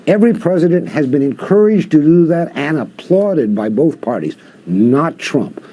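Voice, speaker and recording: A man's voice: a little high, lively intonation, moderate pace, dark tone, slightly rough. An older man, a professor guest, giving impassioned interview commentary full of rhetorical questions.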